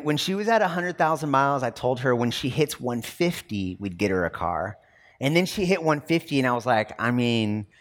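Animated conversational male pastor. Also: mid-range voice. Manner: conversational and animated, many fillers. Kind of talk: sermon.

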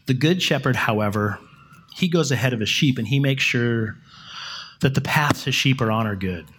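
A man preaching a sermon in a conversational, storytelling way, correcting himself and pausing for effect. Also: medium pitch, fairly bright tone, a little hiss or hum. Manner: conversational, with self-corrections and dramatic pauses.

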